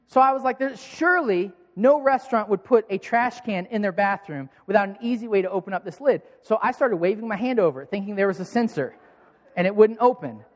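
A man preaching a sermon as a pastor, telling a self-mocking story in a lively way. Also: high voice, brisk. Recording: long hall reverb.

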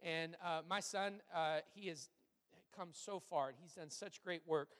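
Brief: male pastor, higher voice, chatty sermon Q&A, lively storyteller, lots of ums, long hall reverb. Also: unhurried. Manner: conversational, animated storytelling with frequent fillers. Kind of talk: sermon Q&A with personal stories.

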